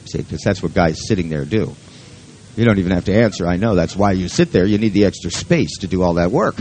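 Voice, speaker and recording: A man's voice: sits low, animated, brisk, a little mellow, slight background noise, low-quality recording. A man leading a live workshop who talks in a rambling, joking and profane way. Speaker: seminar leader.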